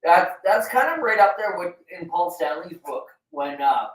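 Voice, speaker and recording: A man co-hosting a casual chat show, rambling with lots of fillers and easy swearing. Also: on the high side. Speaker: show co-host. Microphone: video call. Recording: roomy, distant from the mic.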